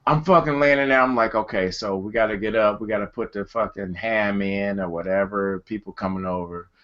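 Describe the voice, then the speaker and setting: A middle-aged man from Detroit, co-hosting a podcast and telling a profane story in a lively, animated way. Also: fairly low pitch, a little fast, muffled recording. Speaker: podcast co-host. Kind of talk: casual storytelling.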